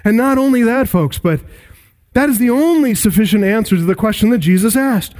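A man preaching an expository sermon, emphatic, rising loud and high on key points. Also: expressive, brisk. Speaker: pastor.

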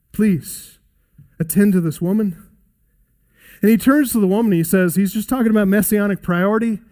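Earnest preacher man, dark tone. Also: sits high. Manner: earnest, emphatic, reads scripture aloud. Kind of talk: sermon.

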